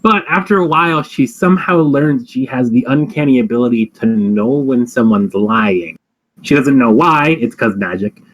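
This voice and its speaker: A man's voice: mid-range voice, normal speed, rough recording. A man co-hosting a casual chat, summarizing at length with a rambling, hesitant manner. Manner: rambling, hesitant, many ums and likes. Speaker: podcast co-host.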